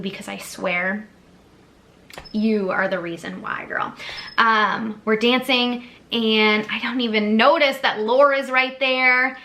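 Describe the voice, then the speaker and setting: A woman's voice: mid-range voice, pushed and bright. A young adult woman vlogger, seated, telling an emotional personal story in a gushing way with many fillers. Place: sitting on a squeaky chair.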